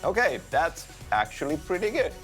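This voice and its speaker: Calm man patiently giving instructions. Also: fairly high pitch, moderate pace, faint music behind. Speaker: game studio guide. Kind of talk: explaining and directing.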